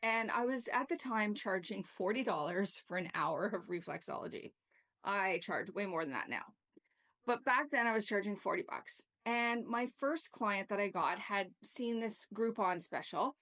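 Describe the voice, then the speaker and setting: A middle-aged woman who works as a reflexologist and yoga teacher tells a story and explains her practice in a chatty, casual way, often saying "like" and "okay?". Her mid-range voice is animated and a bit bright, at a normal speed.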